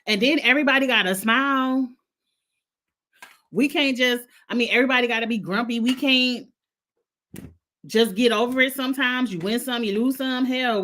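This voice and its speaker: A woman reviewing a reality show in a chatty, animated way, often laughing as she talks. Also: fairly high pitch. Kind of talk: casual chat.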